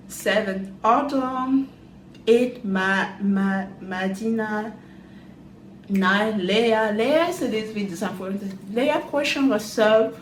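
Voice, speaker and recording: A woman recapping a dating show in casual chat, talking loosely with quick asides and loose grammar. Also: fairly high pitch, roomy sound, a little hiss or hum, poor audio. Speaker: reality TV recap vlogger.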